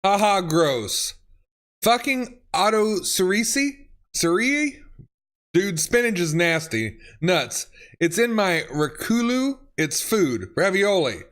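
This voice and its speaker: A man's voice: high voice, sing-song, slow, fairly bright tone. Laughing man reading texts aloud. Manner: laughs often, reads lines with swearing and exclamations. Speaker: YouTuber reading autocorrect fails. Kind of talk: comedic reading and reacting.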